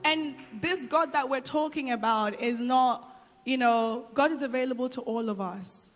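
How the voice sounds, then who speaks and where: A woman's voice: high voice, moderate pace, faint music behind. A middle-aged woman giving a motivational speech to a crowd, encouraging and repeating phrases for emphasis. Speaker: guest speaker. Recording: long hall reverb.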